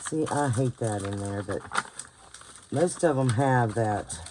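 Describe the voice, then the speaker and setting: A woman's voice: extremely low pitch, slow pace, background noise. Tired West Virginian woman rambling while crafting. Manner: rambling, thinks aloud, searches for words. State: tired late at night. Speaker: bookbinding crafter hosting her channel. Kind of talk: casual hands-on craft tutorial. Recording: clear crinkling paper and clicking sounds behind.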